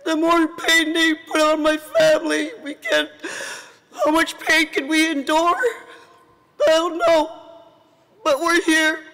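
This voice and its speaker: A middle-aged woman speaks slowly and evenly in a bright, tense voice, as a grieving mother addressing an assembly. She is emotional and defiant, and her voice breaks at times. Long reverb from a large hall trails her words. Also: high voice, little pitch movement. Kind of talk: impassioned public address.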